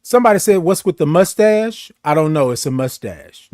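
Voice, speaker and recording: A man's voice: a little high, animated, darkish tone, dry recording. A man hosting a morning live stream from his home studio, chatting casually, greeting viewers by name and stretching out his greetings. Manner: exuberant, drawn-out sung greetings. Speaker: host of a morning live show. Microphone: studio microphone.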